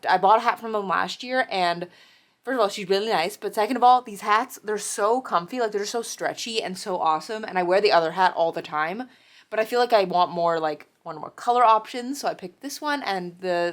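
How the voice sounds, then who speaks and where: A chatty young woman talks to her camera in a casual vlog. Her voice sits at a middle pitch, and she fills her talk with easygoing asides and fillers. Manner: chatty and excitable, many fillers. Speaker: convention artist vlogger.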